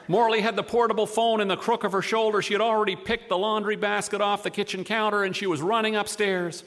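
A man telling a humorous story with wry, deliberate comic timing. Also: high-pitched, a bit bright, in a large hall, slight background noise.

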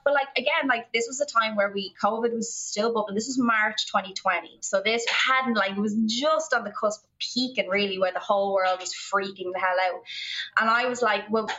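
Young Irish woman, podcast guest, rambly storyteller with lots of "like", bright, forceful tone, dull lo-fi call audio. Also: mid-range voice, a little fast. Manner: rambling, filler-heavy, lots of "like". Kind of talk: storytelling in casual conversation. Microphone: remote call.

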